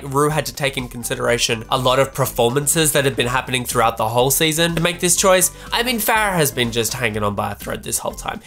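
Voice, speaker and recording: A man's voice: fairly high pitch, sharp tone. A young man chatting casually in a recap vlog, rambling and self-deprecating. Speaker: vlogger. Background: faint background music.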